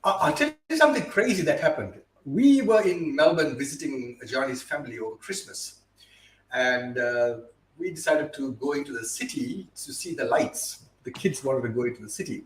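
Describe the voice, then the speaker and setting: A man's voice: medium pitch, lively intonation, moderate pace, roomy sound, slight background noise, low-quality recording. A man from Botswana, a guest on a casual live-stream chat, telling stories with many restarts and repeated words. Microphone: video call.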